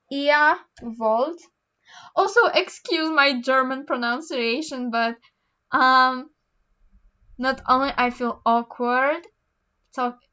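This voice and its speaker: A woman's voice: high voice, pushed and bright, muffled recording. A teenage girl with a Polish accent, rambling casually through homework with lots of ums and restarts. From Poland. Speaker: vlogger. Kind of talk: casual chat while doing homework.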